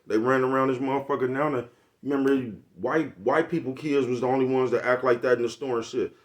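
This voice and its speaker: A man's voice: mid-range voice, fairly even intonation, a little fast. An older man, giving a blunt, preachy, profane motivational monologue to his viewers. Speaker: vlogger.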